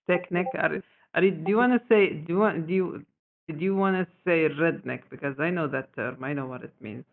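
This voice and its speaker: A man's voice: on the high side, a little fast, gravelly. A man chatting and joking in a casual group voice chat, laughing often and restarting his sentences. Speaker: voice chat participant. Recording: phone-like voice chat audio.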